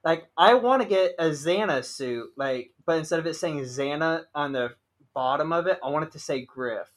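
A man's voice: fairly high pitch, lively intonation, moderate pace. A young man co-hosting a podcast, telling rambling stories with lots of "like" in casual chat. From Ohio, USA. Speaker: podcast co-host.

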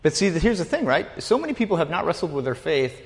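A man's voice: a little high, very animated, fast talker. Chatty man teaching in a hall. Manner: rambling, self-correcting, chatty with asides. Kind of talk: informal teaching talk to a group.

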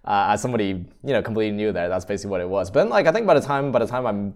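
Fast-talking, chatty man hosting an interview. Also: fairly low pitch, lively intonation, a little mellow. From Canada. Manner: chatty, rambling, says "like" a lot. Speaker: interview host. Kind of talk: casual interview.

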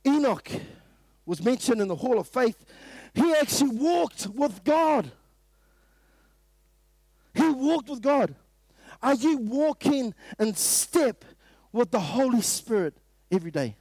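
High-voiced New Zealand man preaching. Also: very animated, slow pace, no echo. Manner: emphatic, preaches in repeated rhetorical questions, rises to sudden loud bursts. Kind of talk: sermon at a morning prayer meeting.

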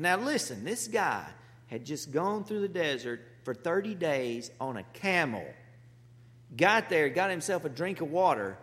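A man's voice: a little high, sing-song, normal speed, fairly bright tone. A man, a pastor, preaching a sermon with humorous, conversational storytelling. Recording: long hall reverb.

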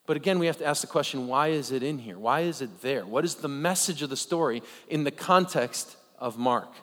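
A man preaching a conversational sermon, animated, with joking asides and rhetorical questions. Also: fairly high pitch. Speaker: pastor. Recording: long reverb of a large hall.

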